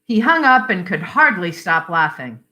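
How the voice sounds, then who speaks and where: A woman reading a short story aloud for adult listeners, in a measured storytelling manner. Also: fairly low pitch, sing-song, pushed and bright, muffled recording. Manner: measured storytelling with voiced dialogue. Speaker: library story reader.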